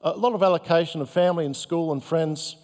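A male pastor giving a sermon in a gentle, conversational, self-deprecating way. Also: a little high, quick pace. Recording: long hall reverb.

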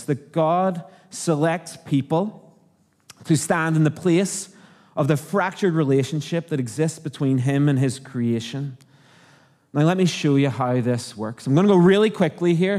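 A man's voice: fairly high pitch, darkish tone, in a large hall. A man from Northern Ireland with a Northern Irish accent, preaching a conversational sermon and asking the congregation questions. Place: church auditorium.

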